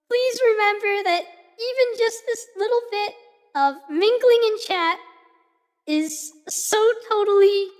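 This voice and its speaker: A woman's voice: very high voice, in a large hall, exaggerated voice. A woman putting on a gushing valley girl. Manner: peppers every phrase with "like, totally". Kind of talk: livestream chat.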